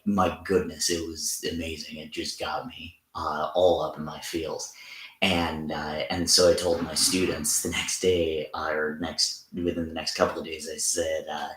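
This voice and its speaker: Male livestream host, deep voice, roomy echoing sound, casual and halting delivery with lots of fillers. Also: bright, forceful tone. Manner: hesitant, many fillers and restarts. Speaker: teacher and livestream host performing song covers. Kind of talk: casual livestream chat between songs. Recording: roomy echo with faint music.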